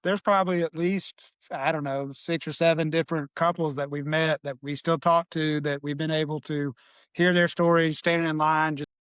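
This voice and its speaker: A man's voice: on the high side, steady tone, moderate pace, fairly bright tone, smooth, no room sound. A man as a podcast guest, talking in an easygoing, rambling way with fillers. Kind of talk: casual interview chat.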